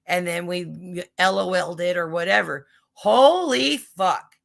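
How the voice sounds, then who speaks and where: A woman's voice: fairly low pitch, little pitch movement, moderate pace, creaky, a bit bright. A woman hosting a casual livestream chat, telling rambling stories full of swearing. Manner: profane, rambling storytelling. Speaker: livestream host.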